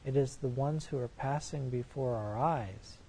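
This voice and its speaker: A man's voice: medium pitch, measured pace, mellow, slight background noise, low-quality recording. A man preaching a sermon, reading scripture verses aloud and commenting on them with rhetorical questions in an earnest, emphatic way.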